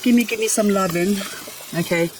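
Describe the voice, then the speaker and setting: A woman's voice: mid-range voice, normal speed, slight background noise, poor audio. Chatty woman cooing at her plants. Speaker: gardening vlogger. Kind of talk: casual chat while working.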